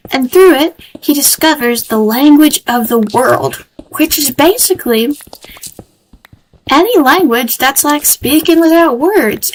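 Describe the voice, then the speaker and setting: High-voiced woman in a put-on country drawl. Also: rough recording. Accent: put-on Southern US country accent. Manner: rambling, chatty, easily sidetracked. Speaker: streamer. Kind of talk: live gameplay chat. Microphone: desk microphone.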